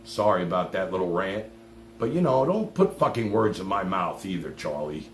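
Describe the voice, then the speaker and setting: A livestream host talks in a combative, sarcastic way, cursing freely. His voice is gravelly and swoops widely in pitch as he rants. The sound is roomy and echoey, with a faint hum underneath. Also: expressive, moderate pace. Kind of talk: ranting livestream talk.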